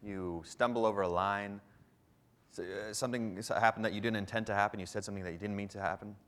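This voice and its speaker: With a clean tone and a fast delivery, a Canadian man with a slightly low voice runs a public speaking workshop for a live audience. He coaches in a lively way, now and then stopping to demonstrate.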